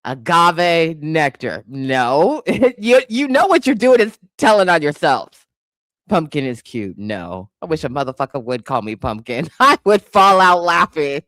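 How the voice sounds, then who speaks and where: A woman's voice: deep voice, big pitch swings, a little slow, fairly bright tone, no echo, clean studio sound. A young woman hosting a casual livestream, reading chat guesses aloud, laughing often and teasing with casual swearing.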